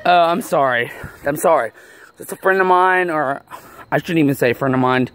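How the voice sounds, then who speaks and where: A man's voice: on the high side, normal speed, a bit bright, lightly acted. An actor playing a nervous, out-of-shape man who rambles apologetically while vlogging outdoors, out of breath. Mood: flustered. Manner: apologetic, rambling, with many ums. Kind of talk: film acting as a self-filmed video log. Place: outdoors, walking near an apartment complex.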